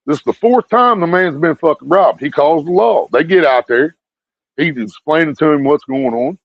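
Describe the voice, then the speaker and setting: A man with a somewhat high voice rants bluntly to his viewers and swears heavily. He repeats his phrases as he builds up heat. The recording sounds muffled, dry and lo-fi. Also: lively intonation, moderate pace, gravelly, no room sound. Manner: blunt, heated, repeats himself with lots of swearing. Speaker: video streamer. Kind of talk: profane ranting commentary to viewers.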